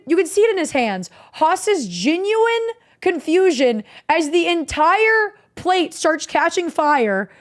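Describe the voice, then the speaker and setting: A young woman streams to her chat, telling stories casually with a slightly high voice. She is animated and laughs at her own tales. She swears freely as she goes.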